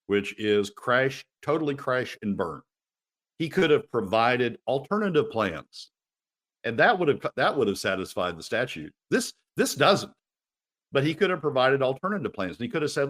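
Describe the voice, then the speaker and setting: A man's voice: medium pitch, big pitch swings, normal speed, fairly bright tone. A man speaking as a regular guest commentator on a radio talk show, emphatic and exasperated, often restarting his sentences.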